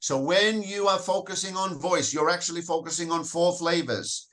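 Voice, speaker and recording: This Toastmasters educator runs an interactive session, peppering the audience with questions and often restarting with "so, so" while repeating phrases. His voice is fairly high and a bit bright, delivered at a moderate pace with few pauses.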